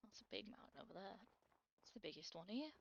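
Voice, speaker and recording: A woman's voice: mid-range voice, expressive, fast talker, creaky, dull audio. A British woman giving chatty, self-deprecating gameplay commentary as she plays, talking to herself. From Britain. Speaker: Let's Play creator.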